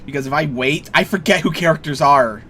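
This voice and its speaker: A man's voice: on the high side, a little fast, fairly bright tone, a little hiss or hum. A young man casually commenting on a game he plays, rambling, joking and swearing freely. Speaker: let's play streamer.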